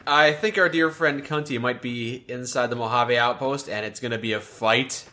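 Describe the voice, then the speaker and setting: A man's voice: medium pitch, normal speed, bright, forceful tone. A man co-hosting a gameplay video, teasing and joking in a wry, casual way. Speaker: co-host playing a game.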